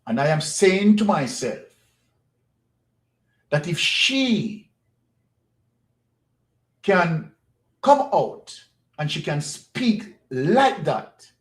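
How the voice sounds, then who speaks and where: A man's voice: fairly high pitch, sing-song, very slow, pauses often, reverberant. A Jamaican man giving an opinionated political monologue as a commentator, pressing his points with rhetorical questions and repetition.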